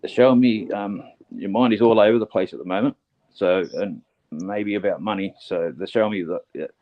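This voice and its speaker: A fairly low-voiced man gives a live online psychic reading in a soft, halting way, stopping and restarting often. He is nervous, on air for the first time. The sound is a little muffled, like live stream audio. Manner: halting, gentle, full of fillers and restarts. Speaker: psychic medium.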